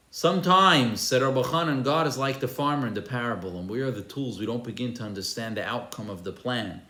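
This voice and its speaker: A man's voice: mid-range voice, brisk, few pauses, bright, forceful tone. A man, a rabbi, giving an earnest, emphatic sermon with storytelling. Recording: roomy echo.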